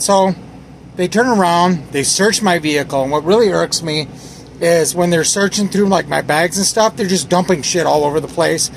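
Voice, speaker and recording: A man's voice: fairly high pitch, normal speed, vocal fry, slight background noise. A man vlogger angrily recounting a story in a casual, swearing way. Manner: agitated, swearing, quoting others in retelling. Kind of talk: angry personal story vlog.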